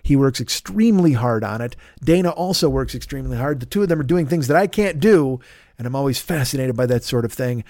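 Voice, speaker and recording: A man with a hoarse throat, hosting a podcast and riffing loosely through plugs for other shows with plenty of swearing. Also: mid-range voice, lively intonation, a little fast, darkish tone, dry recording, studio quality. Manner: loose, profane, jokey, riffing. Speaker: podcast host. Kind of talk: casual podcast plugs and chat.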